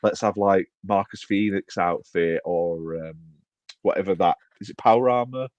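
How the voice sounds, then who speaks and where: A man with a fairly low voice, chatting as a podcast co-host. He rambles, restarts his sentences and jokes at his own expense. His voice is recorded close and dry, with no room sound. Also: moderate pace, a little mellow, dry recording, highs cut off. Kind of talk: casual chat.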